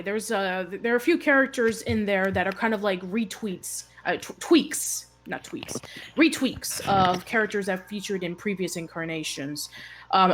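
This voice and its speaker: A woman's voice: medium pitch, slight background noise. A woman co-hosting a casual chat show, talking hesitantly with lots of fillers and restarts. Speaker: show co-host.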